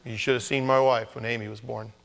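A male pastor preaches in a loose, conversational style, joking and slipping into high mock voices to mimic people. His voice sits at a middle pitch. A long hall reverb trails behind every phrase. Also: level tone, quick pace, gravelly, fairly bright tone. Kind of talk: conversational sermon.

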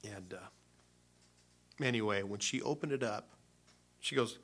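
A man telling a personal story from the pulpit in a midrange voice. He talks loosely and with feeling, stopping and restarting often. The tone stays warm and unscripted. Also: mid-range voice, expressive, normal speed. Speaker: pastor. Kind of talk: sermon before communion.

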